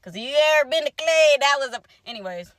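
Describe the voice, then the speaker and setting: A young woman telling viewers a personal story in casual vlog talk, animated and direct, acting out what others said. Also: fast talker, dry recording. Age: young adult. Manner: animated, talks straight to viewers, acts out quotes; wide swings in pitch and loudness. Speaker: storyteller vlogger.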